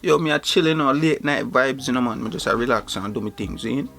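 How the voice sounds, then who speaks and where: A man's voice: mid-range voice, quick pace, gravelly, soft background music. A man putting on a flirty Jamaican-accented guy. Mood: laid-back flirty. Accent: Jamaican, put on. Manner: slangy, relaxed patois-style chatter.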